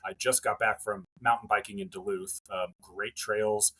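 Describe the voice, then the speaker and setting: A man co-hosting a podcast in relaxed chat, easygoing and thinking aloud as he talks. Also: on the low side, normal speed, husky. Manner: easygoing, laughs along, thinks aloud with fillers. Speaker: podcast co-host. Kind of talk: casual chat.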